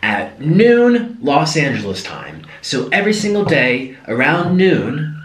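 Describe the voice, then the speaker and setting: Chatty young man, lively pitch, roomy. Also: slow pace, recorded from a distance. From United States. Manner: rambling, chatty, animated. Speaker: vlogger. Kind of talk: casual mukbang chat.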